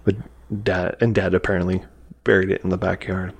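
Man, podcast host, casual movie chat, rambling, lowish voice. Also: level tone, a little fast, gravelly, slightly rough. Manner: rambling, with many fillers and acted-out quotes.

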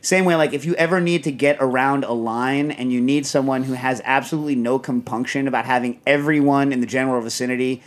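A middle-aged man hosting a casual chat show, telling stories in a rambling, animated way with lots of fillers. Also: mid-range voice, fast, few pauses. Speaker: podcast host.

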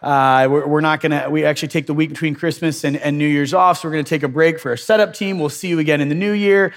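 A man's voice: on the high side, fairly even intonation, fast. A man in his thirties, a pastor telling stories in a casual, self-deprecating sermon with many restarts.

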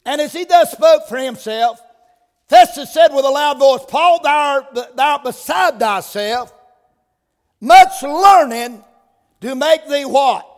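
A man preaching a sermon in a church. He opens with a quiet prayer, then preaches with rising, emphatic force. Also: extremely high pitch, animated, takes it slowly. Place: church sanctuary. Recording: long reverb of a church hall.

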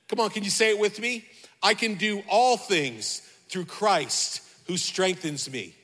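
High, bright-voiced preaching man. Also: big-room sound. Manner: fervent preaching, repeating phrases and calling out to the congregation. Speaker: pastor. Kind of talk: sermon.

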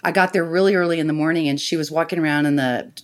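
A woman's voice: sits low, racing. A woman, a guest actress, telling anecdotes casually and animatedly, often laughing and acting out what others said. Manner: animated storyteller, laughs often, acts out quotes.

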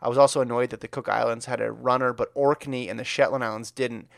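A man's voice: mid-range voice, steady tone, fast talker, creaky, no echo. A man co-hosting a running podcast, reading listener emails aloud with dry joking asides. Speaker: podcast co-host.

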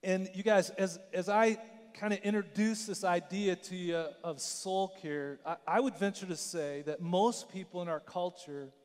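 A man's voice: sits high, steady tone, moderate pace, a little mellow, big-room sound. A middle-aged man preaching a sermon as a pastor, telling a personal story in a conversational way and asking the audience questions.

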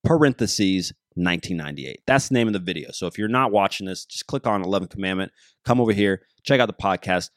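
Low-voiced man rambling on a podcast. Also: fast talker, no room sound, studio quality. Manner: rambling, joking, loses his train of thought. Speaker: podcast host. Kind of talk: casual solo podcast monologue.

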